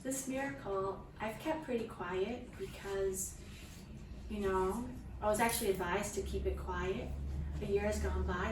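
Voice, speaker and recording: Woman telling a heartfelt story in a roomy space. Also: medium pitch. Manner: earnest, heartfelt, frequent restarts and asides to listeners. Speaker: mother sharing a testimony. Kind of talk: emotional personal storytelling. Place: room with a small gathered group. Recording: roomy, distant mic with faint background noise.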